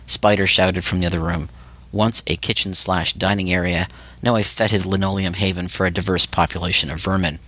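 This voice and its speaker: A man reading his own novel aloud as audiobook narrator, steady and measured. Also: low-pitched, dry recording. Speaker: author and narrator.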